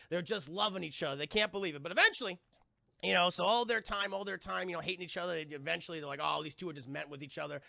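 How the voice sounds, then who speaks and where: A man with a high, gravelly voice recaps a film for his stream chat, swinging widely in pitch. He keeps talking straight to the chat and curses freely. His tone is very bright and his voice sounds dry and close. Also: dry recording. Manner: animated and profane, keeps addressing his chat; bursts into loud high laughter. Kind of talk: casual livestream film recap.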